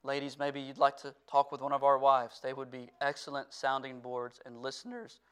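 Earnest pastor with a clear, ringing voice. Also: male voice, medium pitch, moderate pace. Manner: earnest preaching that swings from forceful to hushed. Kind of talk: sermon. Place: church.

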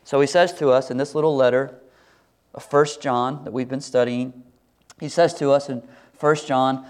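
A man's voice: medium pitch, steady tone, normal speed, a little mellow. A middle-aged man preaching a sermon as pastor, earnest and conversational, often asking his listeners questions. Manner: earnest, conversational, asks the congregation many questions.

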